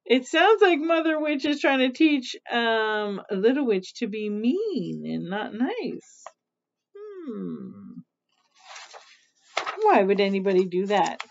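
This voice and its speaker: A mother reading a picture book aloud to children, adding gentle teaching asides, on a slightly dull recording. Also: on the high side.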